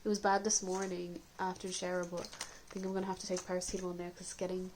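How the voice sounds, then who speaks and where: A woman's voice: fairly low pitch, monotone, quick pace, darkish tone, a little hiss or hum, poor audio. Woman, casual vlog, chatty, candid, coughs now and then, at home. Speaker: vlogger. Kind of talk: casual video diary. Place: indoors at home.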